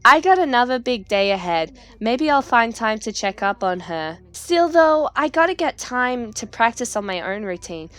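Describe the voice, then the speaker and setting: A woman's voice: fairly high pitch, very animated, moderate pace, few pauses, fairly bright tone. A woman reading a thoughtful young idol narrator. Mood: reflective. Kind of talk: reading game narration aloud.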